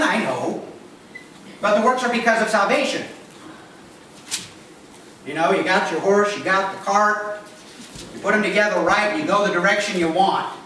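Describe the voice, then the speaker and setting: A man's voice: high voice, normal speed, long pauses, sharp tone. A man, the pastor, giving a conversational sermon with joking asides to his congregation in a church. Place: church sanctuary. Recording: echoey room, voice from far off, noisy.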